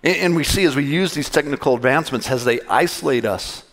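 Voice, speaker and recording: A man's voice: a little high, fast, a bit bright. A male pastor giving a conversational sermon, acting out little dialogues with God.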